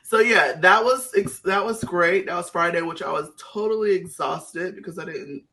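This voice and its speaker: A woman's voice: fairly low pitch, moderate pace, bright, forceful tone. A woman co-hosting a podcast, chatting casually with friends and telling a rambling story through frequent laughs. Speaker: podcast co-host. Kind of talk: casual chat among friends.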